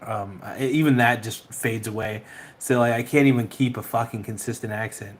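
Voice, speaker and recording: A man's voice: mid-range voice, fairly even intonation, moderate pace. Laid-back man rambling on a podcast. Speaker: podcast host. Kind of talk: casual chat reading viewer comments.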